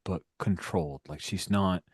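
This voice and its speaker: A man's voice: deep voice, moderate pace, slightly rough, dry recording. A man running a tabletop game as game master, narrating a scene loosely, with some whispered asides.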